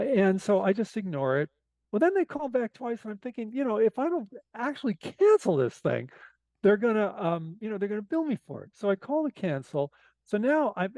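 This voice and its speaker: Hoarse-sounding man telling a story. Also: sits high, no echo. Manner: animated, self-deprecating storyteller with asides. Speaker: podcast guest. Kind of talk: casual storytelling.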